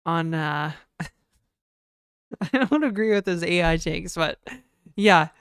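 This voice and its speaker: Chatty woman streamer, smooth dry voice. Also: lowish voice, lively intonation, slow, no echo. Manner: chatty, reads chat aloud, frequent fillers. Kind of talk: casual live-stream chat.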